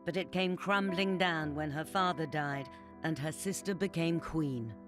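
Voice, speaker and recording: Guy narrating a documentary, steady scripted tone, music playing underneath. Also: on the high side, unhurried.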